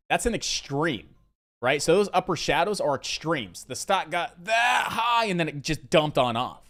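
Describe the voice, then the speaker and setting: A man whose voice sits on the high side hosts a day-trading livestream and fields viewer questions. He drifts loosely through his answers with many fillers, listing his key points more than once.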